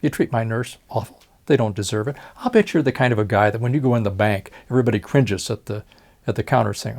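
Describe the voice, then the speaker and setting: A man's voice: medium pitch, fast, vocal fry, darkish tone. An older man, a retired surgeon, telling stories in an oral history interview and acting out the voices of the people he quotes. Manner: storytelling, reenacts dialogue, chuckles. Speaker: retired facial plastic surgeon.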